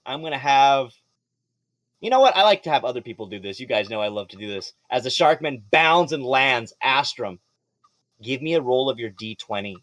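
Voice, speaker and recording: A man narrating as game master of a tabletop game, animated and swearing freely. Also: mid-range voice, brisk, no echo.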